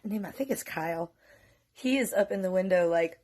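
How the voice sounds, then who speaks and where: A woman from North Carolina telling a story in a casual, profane, animated way, often laughing. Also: medium pitch, moderate pace. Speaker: vlogger.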